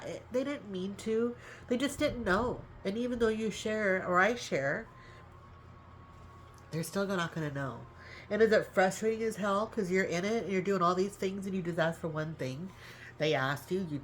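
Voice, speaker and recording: A woman's voice: mid-range voice, normal speed, slight background noise. A middle-aged woman talking candidly to camera about family caregiving, rambling, apologizing and laughing often, close to tears. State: near tears. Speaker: caregiving vlogger. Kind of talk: casual talk to camera.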